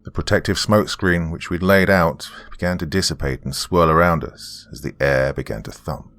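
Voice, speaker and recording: A man with a remarkably low, bass voice narrates a first-person horror tale. His delivery is grave and measured, the way a storyteller paces a tense account. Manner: grave, measured storytelling with shouted quoted lines.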